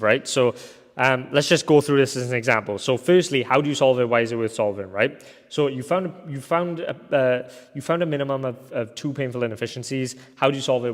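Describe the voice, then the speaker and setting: A young man from Wales teaching a recorded course lecture in a casual way, often tagging points with a quick question and filling pauses as he thinks. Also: mid-range voice. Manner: casual, ends points with a tag question, thinks aloud with fillers. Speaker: agency coach. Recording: long hall reverb.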